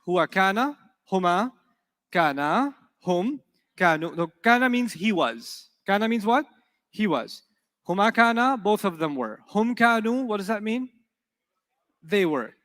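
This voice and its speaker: Male language teacher, high-pitched, lively classroom lecture, long hall echo. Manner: animated, asks the class frequent questions. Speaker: Arabic teacher.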